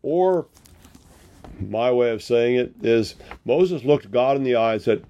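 A man's voice: medium pitch, expressive, a little slow, highs cut off. A male pastor giving a sermon in a conversational storytelling manner, retelling scripture with casual paraphrased dialogue.

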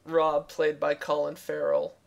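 A male podcast host with a raspy edge of vocal fry. His voice sits a touch high. He jokes wryly in casual banter and leads the segments. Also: monotone, unhurried. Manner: joking, wry, leads segments.

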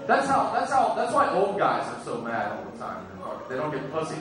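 Crude comedian in an echoey club. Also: male voice, on the high side, wildly swooping pitch, moderate pace. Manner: loud, crude, teasing the crowd, bursts into sung bits. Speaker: stand-up comedian. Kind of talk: crude stand-up set with crowd work. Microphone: handheld stage mic. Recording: echoey club heard from far off, with music.

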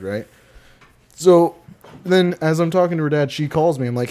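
Telling a drawn-out story as a podcast co-host, he curses liberally and performs other people's lines. His voice is on the high side, darkish, and a little fast.

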